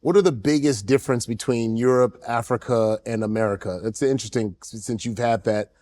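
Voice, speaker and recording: A man's voice: medium pitch, brisk, darkish tone, no room sound. A man hosting an interview, agreeing often and asking his guests questions. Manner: frequent agreeing fillers, asks questions. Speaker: host.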